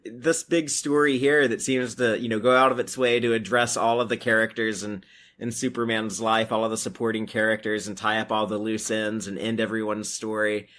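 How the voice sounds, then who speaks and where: A man co-hosting a casual comics podcast, speaking in a relaxed, agreeable way. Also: fairly low pitch, normal speed. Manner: relaxed, agreeable, short interjections. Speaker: podcast co-host. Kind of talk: casual chat about comics.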